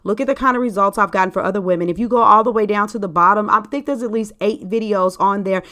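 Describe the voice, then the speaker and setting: A woman's voice: medium pitch, quick pace, pushed and bright. A woman hosting a podcast as a sales coach, talking casually and emphatically straight to her listeners.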